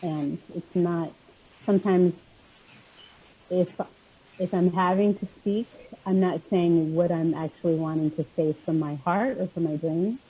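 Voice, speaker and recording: Halting woman on a tinny call. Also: lowish voice, steady tone, husky. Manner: halting, with many pauses and fillers. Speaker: autism advocate and guest speaker. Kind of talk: explaining on a video call. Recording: tinny phone-like call audio.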